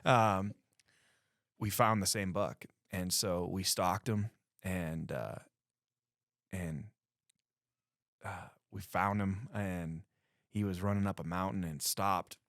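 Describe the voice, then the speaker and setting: A man from Colorado, a guest on a talk show, telling a story in a casual, animated way and acting out what others said. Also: sits low, takes it slowly, long pauses, dry recording, clean studio sound.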